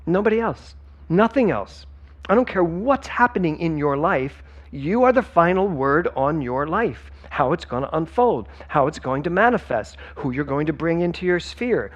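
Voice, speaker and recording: A man giving a sermon as a spiritual director, emphatic and conversational, talking straight to the congregation. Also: fairly high pitch. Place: church sanctuary.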